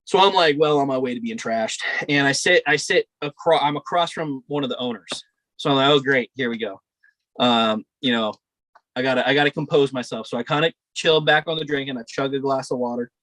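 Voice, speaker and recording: A man's voice: medium pitch, brisk, a bit bright. Profane, rambling young man telling stories. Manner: profane, rambling, laid-back storytelling. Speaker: podcast co-host. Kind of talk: casual storytelling chat.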